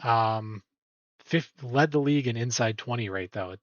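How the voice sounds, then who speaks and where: A man's voice: mid-range voice, measured pace, no room sound. Man host for a league awards stream, rambling and chatty, slightly muffled dry audio. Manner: rambling, self-correcting, chatty. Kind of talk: casual awards commentary.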